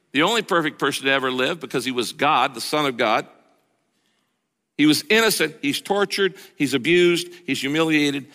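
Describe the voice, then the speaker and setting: A middle-aged man preaches a sermon in a bright, forceful voice pitched a little high for a man. He is emphatic, slowing down and dropping low on the lines he wants to land. The sound carries a long reverb from a large church auditorium. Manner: emphatic, slows down and drops low on key lines. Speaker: pastor.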